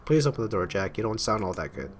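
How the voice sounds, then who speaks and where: A man's voice: fairly low pitch, big pitch swings, fast, slight background noise. A man putting on a sweetly clingy woman. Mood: pleading. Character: clingy, menacing young woman feigning worried sweetness. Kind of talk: reading a visual novel's dialogue aloud.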